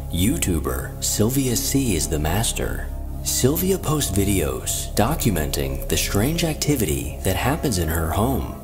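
A man giving scripted narration in a measured, informative delivery. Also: sits low, wildly swooping pitch. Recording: narration over music.

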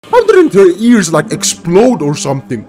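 A man hosting a reaction video, exclaiming and laughing often as he comments excitedly. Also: high voice, moderate pace, faint music behind.

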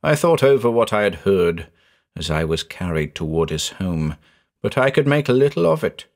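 Male narrator for a horror tale, measured and dramatic, pitch moving freely. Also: very animated, darkish tone. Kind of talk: scripted horror story narration.

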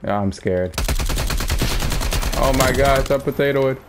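A man in the middle of a shooter match, reacting loudly and joking with his viewers as he plays. His voice sits at an everyday middle pitch. Gunfire and game sounds come through clearly behind him. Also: takes it slowly, very noisy. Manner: excitable, trash-talking, addresses viewers as y'all. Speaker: gaming streamer. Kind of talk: casual gameplay commentary.

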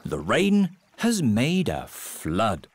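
A man narrating a children's cartoon with warm, amused delivery. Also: medium pitch, wildly swooping pitch, drawn-out words, no room sound. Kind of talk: scripted narration.

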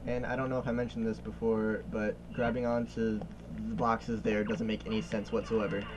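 A man's voice: on the low side, flat delivery, normal speed, noisy background. A man chatting casually and joking as co-commentator on a let's play, laughing often. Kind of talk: casual gaming chat.

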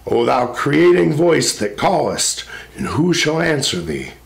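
A man's voice: on the high side, big pitch swings, unhurried, creaky, heavily acted. A man reciting the lines of a wistful young female spirit in a poetry recitation, lyrical and lamenting. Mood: wondering.

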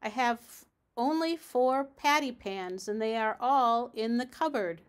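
A woman's voice: fairly high pitch, takes it slowly, smooth. Lady putting on a prim stern storybook cat hostess, polite but severe. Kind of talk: storybook read-aloud.

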